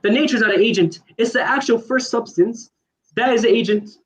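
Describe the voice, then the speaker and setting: A man in a heated online debate, pressing his questions fast and insistently, talking over the other side. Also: extremely high pitch, background noise.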